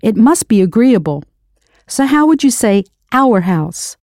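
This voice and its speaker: A woman's voice: fairly high pitch, sing-song, a little slow, a little mellow, dry recording, clean studio sound. A woman teaching a recorded language lesson, spelling words out letter by letter and asking the listener to answer. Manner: spells words letter by letter, then prompts the learner.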